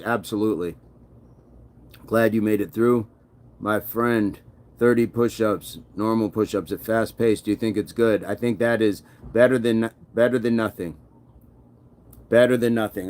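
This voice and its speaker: Mellow-voiced man chatting through a workout. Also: lowish voice. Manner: reads viewer comments aloud and answers them warmly; encouraging and upbeat. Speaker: fitness livestream host. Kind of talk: casual live chat while working out.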